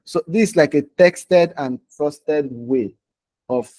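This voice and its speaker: This Nigerian instructor has a fairly high, slightly mellow voice and takes things slowly. Teaching design in a casual live online session, he narrates as he clicks through screens and often asks "okay?" or "right?".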